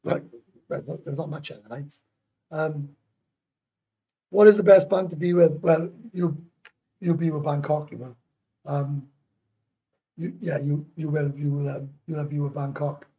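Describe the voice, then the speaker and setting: Gravelly, sweary Welsh man livestreaming. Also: a little high, steady tone, unhurried, pauses often, mellow. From Wales. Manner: blunt, sweary, repeats himself, answers comments aloud. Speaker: livestream host. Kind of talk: casual livestream chat reading viewer comments. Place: indoors, living in Thailand.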